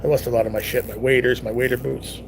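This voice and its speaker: Laid-back streamer, young man, gravelly, teasing, with faint hiss behind. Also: medium pitch, little pitch movement, quick pace. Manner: laid-back, swears freely, teases viewers. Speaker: live-stream host reading viewer chat. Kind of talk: casual live-stream chat.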